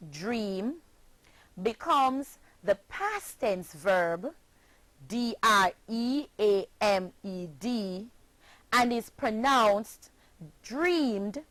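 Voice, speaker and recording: A woman teaching an English pronunciation lesson, spelling out words letter by letter in a slow, deliberate way. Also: a little high, a bit bright, no echo. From Jamaica.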